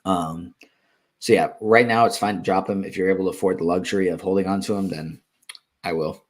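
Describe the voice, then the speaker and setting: Deep-voiced guy doing a chill q&a, lots of ums, keeps restarting sentences. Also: steady tone, a little fast. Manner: thinks aloud with frequent ums and self-corrections. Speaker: fantasy basketball analyst answering viewer questions. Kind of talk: casual live Q&A.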